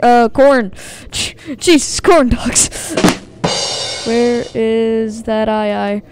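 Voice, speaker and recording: A woman's voice: fairly high pitch, drawn-out words, over music. A woman commentating her own gameplay, easily startled, nervously repeating herself and talking straight to her viewers. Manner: talks to her viewers directly. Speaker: video game streamer. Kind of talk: let's-play gameplay commentary.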